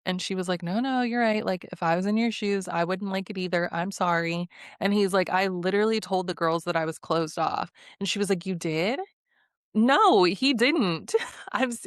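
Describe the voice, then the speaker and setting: A young woman giving a casual, opinionated recap, sassy and quick to laugh between remarks. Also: on the low side, clean tone, no room sound, clean studio sound. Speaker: recap vlogger. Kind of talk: casual reality-show recap.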